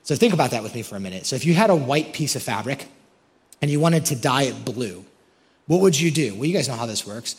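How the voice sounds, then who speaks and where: A man preaching a sermon as pastor, addressing the congregation directly and rising in pitch and volume when he quotes scripture. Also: expressive, fast talker, long reverb tail.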